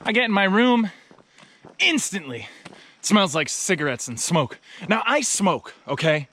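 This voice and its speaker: Seorang pria bersuara tinggi dan cerah, bercerita santai dengan nada sarkastis dan intonasi yang sangat hidup. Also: male voice, high-pitched, a little slow. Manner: sarcastic, animated retelling. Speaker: travel vlogger. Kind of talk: casual storytelling to camera.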